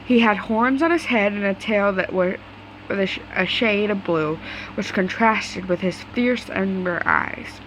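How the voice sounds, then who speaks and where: A woman reading a fan story aloud in a relaxed, unpolished way. She trips over words and restarts, then carries on. Her voice sits at a middle pitch. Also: a little slow, slight background noise, poor audio. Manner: casual, stumbling, swears in asides. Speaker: story reader.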